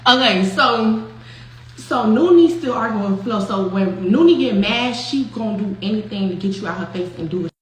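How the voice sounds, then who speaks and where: A young woman hosting a show, telling a story in casual, profane, animated talk with frequent laughter. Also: mid-range voice, moderate pace. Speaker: host. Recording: very echoey room with faint noise.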